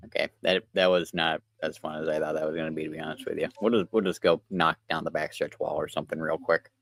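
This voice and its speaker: A young man chatting casually to his livestream viewers while he works, relaxed and rambling. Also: extremely low pitch, quick pace, a little hiss or hum. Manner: relaxed, rambling, talks to chat while working.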